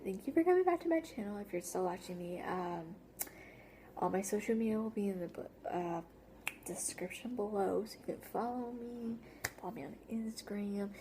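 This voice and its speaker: Over background noise, a teenage girl tells a casual story-time vlog at normal speed, her medium-pitched voice showing lively intonation. She rambles with many fillers and keeps slipping into whispers.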